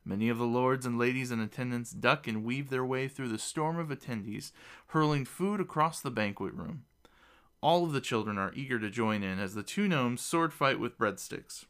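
A man narrating a fantasy storybook in an expressive, lively reading voice. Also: mid-range voice, normal speed, clean tone.

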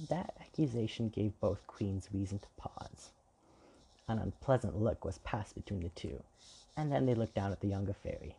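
A man reading a fairy tale aloud in an even, measured way. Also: on the low side, vocal fry, slightly rough. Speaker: storyteller. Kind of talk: scripted fairy-tale narration.

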